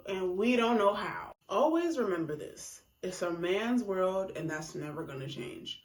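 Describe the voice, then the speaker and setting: A woman's voice: medium pitch, animated, unhurried, hardly any pauses, echoey room. A woman giving a casual monologue about relationships, talking emphatically and acting out reactions in quoted voices. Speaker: relationship commentator.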